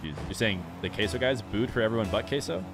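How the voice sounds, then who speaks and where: A young man streaming a game and chatting casually with his viewers in a relaxed, rambling way. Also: fairly low pitch, brisk. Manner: relaxed, rambling, talks straight to chat. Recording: music playing clearly behind the voice.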